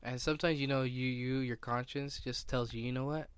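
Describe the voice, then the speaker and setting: A man's voice: medium pitch, fairly even intonation, brisk, clean tone. A young man co-hosting a podcast in casual chat, rambling with lots of fillers and restarts. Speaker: podcast co-host.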